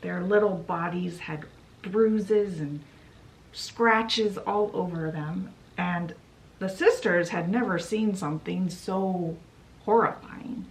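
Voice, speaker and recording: A woman's voice: fairly low pitch, takes it slowly, low-quality recording. A young woman retelling a novel's plot in a casual, chatty vlog style. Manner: storytelling with fillers like "she's like". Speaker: book vlogger. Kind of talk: casual book summary.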